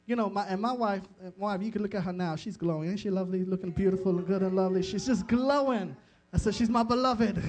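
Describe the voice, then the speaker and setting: High-voiced laughing pastor telling a story. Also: male voice. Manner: storytelling, laughing often, acting out dialogue. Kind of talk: sermon.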